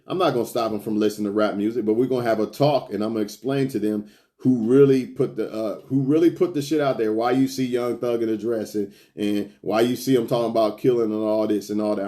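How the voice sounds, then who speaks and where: A man talks straight to camera, lecturing his viewers in a blunt, profane, street-casual way. His voice sits at an ordinary middle pitch for a man. He repeats his points and hammers them home with emphasis. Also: warm tone. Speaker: self-improvement vlogger. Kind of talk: casual preachy monologue to viewers.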